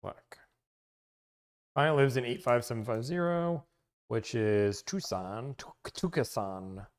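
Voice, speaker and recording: A man's voice: mid-range voice, lively intonation, slow. A man with a mid-range voice chats loosely on a livestream. He restarts his sentences and talks straight to his viewers. He sounds easygoing and unscripted. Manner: rambling, self-interrupting, chatty with viewers. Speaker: car-buying negotiation service host. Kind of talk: casual livestream chat.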